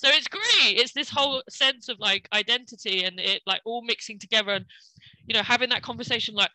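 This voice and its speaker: A woman's voice: mid-range voice, brisk, bright, forceful tone, no echo, rough recording. A woman who works at an Irish community centre, speaking on a panel and telling chatty anecdotes in which she acts out what people said. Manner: chatty anecdotal storytelling, acting out quotes. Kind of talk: panel conversation.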